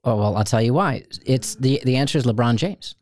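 A middle-aged man from Ohio, co-hosting a casual chat and telling stories with lively quoted voices. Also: mid-range voice, fairly quick, dry recording. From Ohio, USA. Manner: animated storyteller, acts out quoted voices. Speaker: co-host.

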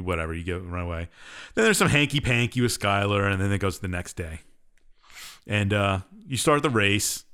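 A man's voice: sits low, bright, forceful tone, clean tone. Offhand, rambling male podcast host. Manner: rambling and offhand, with many fillers and shrugging asides. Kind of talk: casual chat, recapping a game's story.

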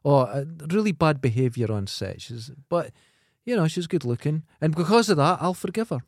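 A man's voice: on the high side, lively intonation, normal speed, no echo. Crude joking Scottish man, dry sound. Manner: crude, joking, tells jokes with put-on voices. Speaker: podcast co-host. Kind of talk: casual film review chat.

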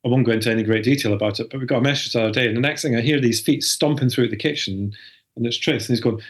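With a medium pitch and a quick pace, a middle-aged man tells stories as a guest on a podcast his spouse hosts. The chat is casual, and he acts out conversations within his family.

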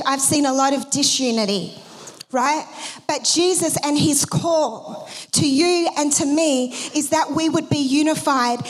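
High-voiced woman pastor preaching casually. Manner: conversational preaching with many fillers and restarts. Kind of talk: sermon.

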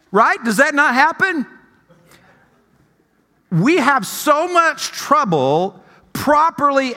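A man preaching a sermon as senior pastor, telling a story in an animated, conversational way, with a long church reverb. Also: extremely high pitch.

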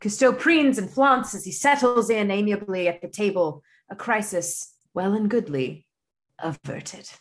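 A woman's voice: medium pitch, measured pace, close to an everyday voice. A woman putting on a British accent to narrate like a nature documentary. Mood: dramatic. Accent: put-on British.

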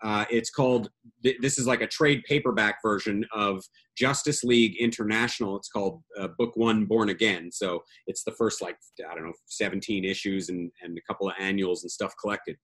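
A man's voice: fairly low pitch, fairly even intonation, a little fast, fairly bright tone, breathy edge. A man in his forties, a regular panelist, talking casually in a rambling, self-deprecating way with many fillers. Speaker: regular panelist on movies and music. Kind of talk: casual chat.

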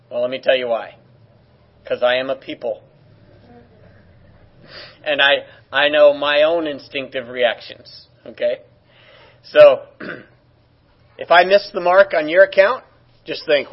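A male pastor delivers a sermon in a relaxed, conversational manner and drops in joking asides. His voice sits a little high and has a husky edge. The recording sounds somewhat dull and lo-fi. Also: slow, pauses often.

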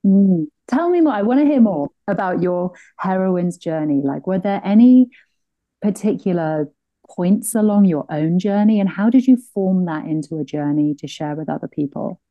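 A middle-aged woman hosting an interview, an animated storyteller who laughs often and acts out the people she quotes. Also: fairly low pitch, normal speed, no echo, lo-fi sound. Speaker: podcast host. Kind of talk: conversational interview.

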